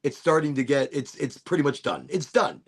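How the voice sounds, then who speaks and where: Gravelly, rambling middle-aged male stream host. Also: fairly high pitch, a little fast. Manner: rambling, laughing, self-mocking. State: high while smoking. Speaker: livestream host. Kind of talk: casual livestream chat.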